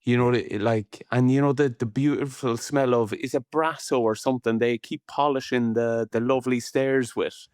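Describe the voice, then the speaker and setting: An Irish man in his forties, a former rugby player co-hosting a podcast, talking in a rambling, chatty way with quick laughs. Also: mid-range voice, steady tone, darkish tone, clear, resonant tone, dry recording, clean studio sound. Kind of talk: casual podcast chat.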